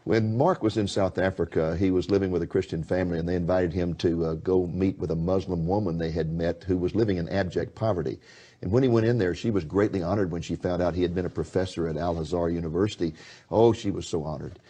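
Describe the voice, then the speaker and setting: Folksy low-voiced male TV host. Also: steady tone, quick pace, dark tone, husky. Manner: folksy, addresses viewers as folks, stumbles with fillers. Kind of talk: religious TV interview.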